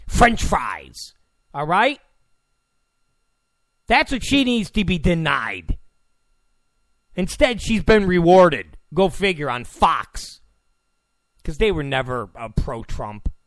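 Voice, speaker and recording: A man's voice: high voice, big pitch swings, slow pace, pauses often, a bit bright, no room sound, clean studio sound. A man hosting a political commentary show, delivering a combative rant and repeating phrases for emphasis. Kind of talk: ranting political monologue.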